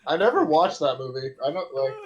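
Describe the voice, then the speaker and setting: A man's voice: a little high, very animated, a little fast, muffled recording. A man co-hosting a podcast in casual chat, blunt and offhand. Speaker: podcast co-host.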